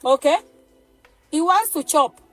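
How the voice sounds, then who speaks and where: A woman's voice: high voice, unhurried, fairly bright tone, faint music behind. A woman with a Nigerian accent, a mother ranting emotionally to camera in an agitated, threatening and pleading way. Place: parked car.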